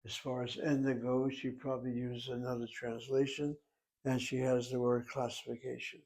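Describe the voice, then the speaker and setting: A man's voice: medium pitch, little pitch movement, moderate pace, a little mellow, poor audio. A man teaching a Hebrew lesson, explaining words step by step and spelling some out letter by letter.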